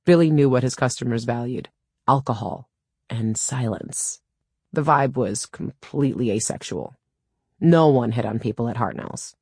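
A woman's voice: a bass voice, normal speed, darkish tone, husky, no room sound. A woman reading a first-person audiobook in a wry, dry storytelling manner, close to a studio mic. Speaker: audiobook narrator.

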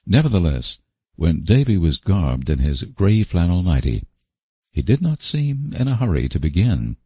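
A man narrating a classic novel as an audiobook, reading in a measured, expressive way. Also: low-pitched, slightly rough, dry recording.

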